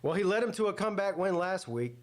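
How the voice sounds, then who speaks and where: A man's voice: high voice, animated, quick pace. A man hosting a live football watch-party stream, chatting loosely and thinking aloud with lots of fillers and restarts. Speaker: sports watch-party host. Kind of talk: casual live-stream commentary.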